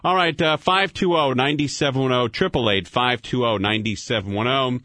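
A man's voice: mid-range voice, bright, forceful tone, dry recording. A man hosting a call-in radio show, joking and teasing with callers. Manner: joking, teasing, quick banter. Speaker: radio talk show host.

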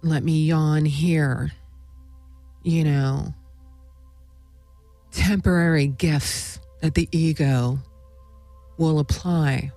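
A woman's voice: sits low, steady tone, slow, long pauses, mellow, no room sound, faint music behind. A woman hosting a spiritual talk show, speaking in a meandering monologue full of "you know" and "right?". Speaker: host.

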